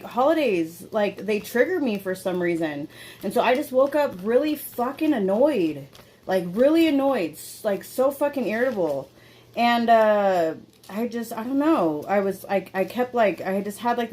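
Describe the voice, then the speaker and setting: A woman's voice: a little high, a little mellow. A young woman talks through a casual podcast episode from a room at home. She rambles with many fillers and curses freely, candid and unpolished. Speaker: podcast host. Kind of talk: casual confessional podcast monologue.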